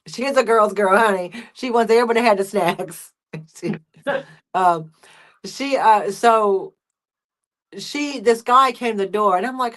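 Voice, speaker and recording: A woman's voice: medium pitch, normal speed. A woman chatting casually as a guest, telling stories and voicing her pets and neighbors. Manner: chatty storyteller, acts out pets and people in hushed voices. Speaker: guest friend. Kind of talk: casual live chat.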